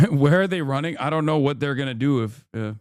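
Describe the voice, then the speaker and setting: A man's voice: fairly high pitch, lively intonation, brisk, clean tone, dry recording. A man in his thirties doing live political commentary as a streamer, sarcastic and profane, ranting on a close mic.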